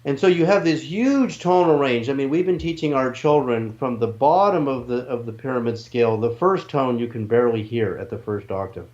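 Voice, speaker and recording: A man's voice: medium pitch, fairly quick, hardly any pauses, a little mellow, muffled recording. A man in an interview, earnestly explaining his ideas with restarts and asides. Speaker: interview guest, researcher.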